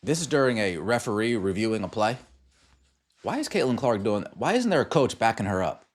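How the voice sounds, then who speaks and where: A man's voice: lowish voice, sing-song, a little fast. A man hosting a sports podcast, ranting in exasperated commentary over game clips and firing off repeated rhetorical questions. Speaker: podcast host.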